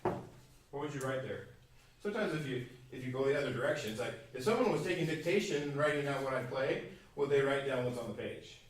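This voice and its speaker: A man's voice: mid-range voice, expressive, fairly quick. A man coaching a string quartet in a masterclass, playful and given to vivid sound words. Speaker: masterclass teacher. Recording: echoey hall from far off.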